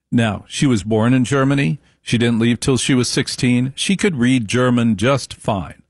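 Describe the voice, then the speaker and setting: A man's voice: mid-range voice, lively intonation, moderate pace, no room sound, clean studio sound. A man giving an opinionated monologue, telling a family story with emphatic repetition. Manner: emphatic, storytelling, repeats points for stress.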